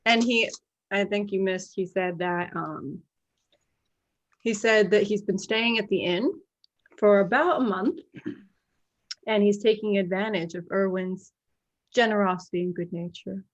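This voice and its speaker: A woman game master narrating a tabletop game. She speaks slowly and haltingly, with frequent fillers. The audio is a little dull and lo-fi. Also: mid-range voice.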